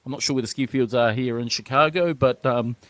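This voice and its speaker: A man's voice: medium pitch, a little fast, a bit bright, no echo. A man co-hosting a casual sports chat podcast, hyped and teasing, often saying "talk to me". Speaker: podcast co-host.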